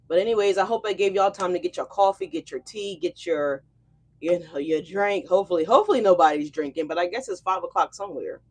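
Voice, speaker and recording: A woman's voice: on the low side, a little mellow. A woman hosting a casual tarot reading, chatting in a loose, slangy way and checking in with her viewers. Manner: slangy, chatty, keeps checking in with "okay?" and "y'all". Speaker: tarot reader and channel host.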